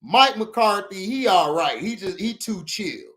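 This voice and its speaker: A man doing an impression of a calm, easygoing young male quarterback, speaking low and relaxed. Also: measured pace, heavily acted.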